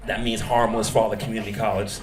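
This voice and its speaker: A fairly low, flat voice rattles along very fast as a Texan man does stand-up on a club stage before a live crowd. He works the audience and acts out characters with put-on voices. Captured from a distance on a handheld stage mic, the recording is roomy and laced with crowd laughter.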